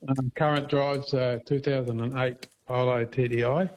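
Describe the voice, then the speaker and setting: A man's voice: medium pitch, little pitch movement, normal speed. A man calling into a radio show, polite and a bit hesitant. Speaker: caller. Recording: dull phone line.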